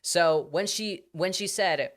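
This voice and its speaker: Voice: medium pitch, slow, fairly bright tone. A live streamer casually telling a rambling anecdote to the audience, full of fillers and quoted voices.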